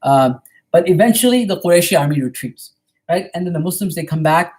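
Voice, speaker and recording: A man giving a storytelling history lecture at a mosque, retelling events quickly and often checking in with "right?". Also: on the high side, expressive, a little mellow, breathy edge.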